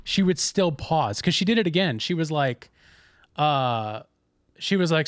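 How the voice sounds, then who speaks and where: A man's voice: a little high, lively intonation, a little slow, smooth, no room sound, clean studio sound. A young man, a podcast co-host telling a rambling story in casual chat with many restarts.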